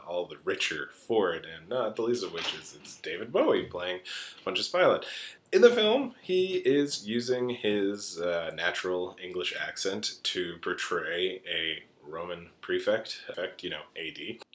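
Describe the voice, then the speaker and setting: A man hosting a podcast, giving casual film commentary in a chatty, animated way with frequent "uh"s and bursts of laughter. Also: low-pitched. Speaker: podcast host.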